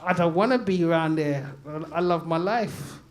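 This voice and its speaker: A man from London doing open-mic stand-up comedy, loud and chatty, laughing and calling out to the crowd. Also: on the high side, moderate pace, slight background noise. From Brixton, London. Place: stage at a comedy night.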